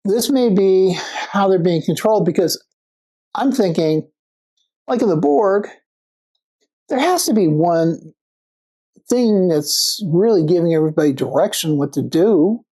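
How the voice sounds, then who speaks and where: A woman's voice: fairly low pitch, expressive, a little slow, pauses often, mellow, breathy edge. A woman casually recapping and reviewing a TV episode, rambling and speculating, with fillers and restarts. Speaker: TV show reviewer.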